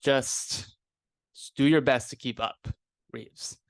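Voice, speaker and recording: A cocky young noble monster hunter, as a man plays him in a tabletop game, breezy and boastful, and at times flustered. The speech is slow and unhurried. The sound is dry and close. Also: medium pitch, steady tone, gravelly, no room sound.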